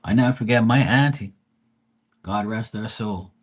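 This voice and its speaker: A middle-aged man with a lowish voice hosts a livestream at a moderate pace. He tells rambling family stories in casual chat, swearing freely and animatedly acting out what his relatives said.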